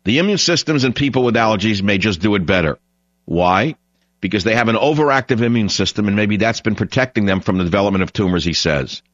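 A man's voice: lowish voice, lively intonation, fast, a bit bright, no echo, muffled recording. A man hosting a radio talk show, delivering a blunt, opinionated, rambling monologue.

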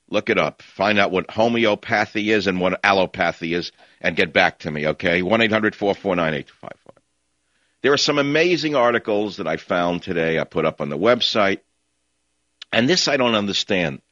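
A man's voice: fairly low pitch, a bit bright, dry recording. A man hosting a talk radio show, delivering an opinionated monologue with a sarcastic, combative edge, heard over muffled lo-fi broadcast audio.

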